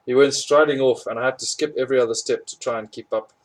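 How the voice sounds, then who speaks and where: A man's voice: medium pitch, fairly even intonation, fast, poor audio. A man reading a storybook chapter aloud, amused by the story and correcting his own slips as he goes. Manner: amused, chuckles at funny parts, corrects slips. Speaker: audiobook reader.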